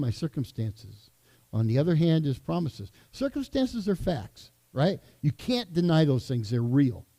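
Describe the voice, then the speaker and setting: A man's voice: on the high side, mellow. A middle-aged man, a church elder, preaching a sermon in a conversational way with asides.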